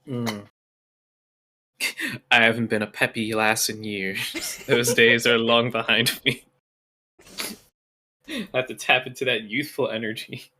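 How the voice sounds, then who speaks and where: A woman's voice: extremely low pitch, steady tone, a little slow, pauses often, sharp tone, slight background noise. A young woman streaming a game, chatting in a dry, self-mocking way and laughing often. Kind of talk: casual chat while playing a game.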